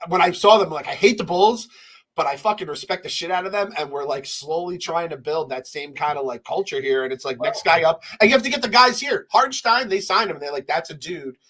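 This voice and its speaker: A man's voice: fairly high pitch, a little fast, bright, forceful tone. A man co-hosting a sports podcast, easygoing and casual, with some swearing. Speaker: podcast co-host.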